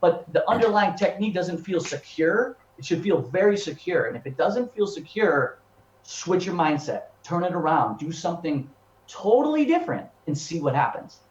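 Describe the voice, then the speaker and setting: Man in his fifties, singer and voice teacher, animated and chatty, slightly high voice, echoey room. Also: moderate pace, slight background noise. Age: 50s. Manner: animated, chatty, repeats words while thinking. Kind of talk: casual interview storytelling. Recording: echoey room, dull lo-fi sound.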